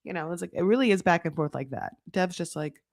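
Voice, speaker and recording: A woman hosting a comedic reality TV recap, sarcastic and animated, swearing freely. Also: lowish voice, quick pace, dry recording, studio quality. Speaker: host.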